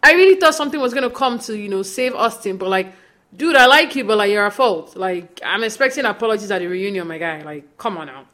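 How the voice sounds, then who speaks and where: A young woman hosting a podcast, casually recapping a reality show and acting out what the cast said in lively quoted voices. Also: mid-range voice, fast. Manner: chatty, animated retelling with quoted voices. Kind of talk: casual chat.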